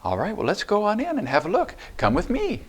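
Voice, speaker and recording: A man serving as chaplain, talking gently and encouragingly to preschool children inside a church, using simple words. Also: high voice, huge pitch swings, a little fast, slightly rough. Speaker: chaplain leading children's chapel.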